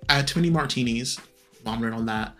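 Fast-talking young man telling stories. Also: mid-range voice, fairly bright tone, soft background music. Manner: fast storytelling, acts out quoted voices. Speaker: podcast co-host. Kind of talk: casual chat.

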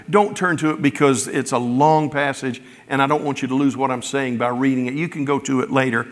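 A man's voice: fairly high pitch, a bit bright. A man preaching a sermon in a conversational way, retelling scripture in his own everyday words. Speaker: pastor. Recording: long hall reverb.

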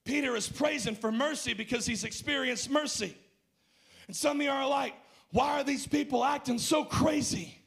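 High, gravelly man preaching with fire. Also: normal speed. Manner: impassioned, rising to shouts and dropping low. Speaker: pastor. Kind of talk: sermon. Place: church.

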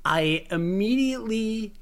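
A young man from the United States co-hosts a laid-back podcast. His voice sits a little high, and he wanders through his thoughts, restarting sentences and poking fun at himself. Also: animated, unhurried. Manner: rambling, self-deprecating, frequent restarts. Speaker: podcast co-host. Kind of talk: casual chat.

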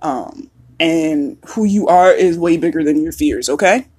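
Breathy woman chatting on her podcast. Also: deep voice, expressive, a little slow, darkish tone. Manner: chatty, laughs a lot, swears freely. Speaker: podcast host. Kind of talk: casual solo podcast chat.

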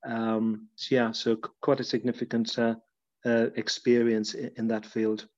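A man's voice: medium pitch, completely flat delivery, moderate pace, darkish tone, no echo. Irish man, hesitant, muffled sound. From Ireland. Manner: hesitant, many fillers and restarts. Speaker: guest, social worker. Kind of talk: casual podcast interview. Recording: dull, lo-fi, dry sound.

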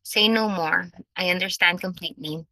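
A woman voicing a quick-witted, exasperated young society lady in an audiobook reading. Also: on the low side, sharp tone, no echo, rough recording.

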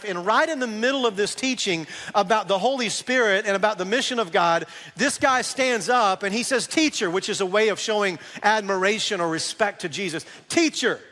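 A man preaching a sermon as a pastor, conversational and animated, with asides to the congregation. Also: sits high, big-room sound.

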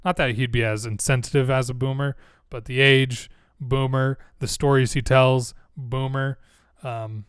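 A man chatting casually and thinking aloud, rambling and cutting himself off mid-sentence. His mouth is dry and his nose a bit congested, though his mid-pitched voice stays smooth and clear. The sound is dry and close, with no room around it. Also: level tone, a little slow, dry recording. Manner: rambling, self-interrupting, musing aloud. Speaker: streamer planning role-play characters. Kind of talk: casual chat.

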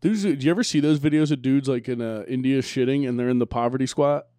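A man's voice: mid-range voice, quick pace, dark tone, no echo. Joking Philly man hosting a podcast. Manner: joking, laughs often, crude. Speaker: podcast host. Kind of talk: casual comedic chat.

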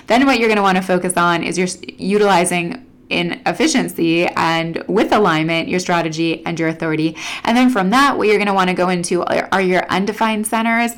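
A woman's voice: lowish voice, a little fast. A woman hosting a casual solo podcast as a coach, talking animatedly, laughing often and acting out quoted inner voices.

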